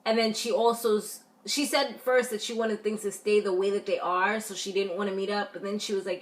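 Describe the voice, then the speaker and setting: A woman's voice: mid-range voice, brisk, few pauses. Woman doing a tv recap vlog, blunt and chatty, lots of likes and ums. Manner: animated, blunt, chatty with many fillers. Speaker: reality TV recap vlogger. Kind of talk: casual review chat.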